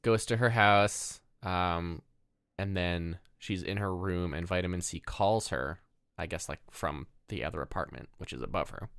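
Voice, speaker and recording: A man's voice: low voice, unhurried, fairly bright tone, clean tone, no room sound, studio quality. A man co-hosting a casual movie podcast, joking and laughing as he retells a film's plot. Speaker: podcast co-host. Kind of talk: casual movie-recap chat.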